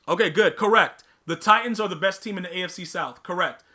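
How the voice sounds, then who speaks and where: A man's voice: sits high, a little fast, pushed and bright. A man hosting a live podcast stream, chatting casually with his viewers, using slang, repeating himself and teasing the chat.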